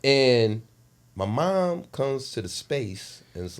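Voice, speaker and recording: A man in his forties, a podcast co-host, telling a personal story in casual chat with emotional, animated delivery. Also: medium pitch, slow pace, clean tone. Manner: animated, emotional retelling with lively shifts in loudness.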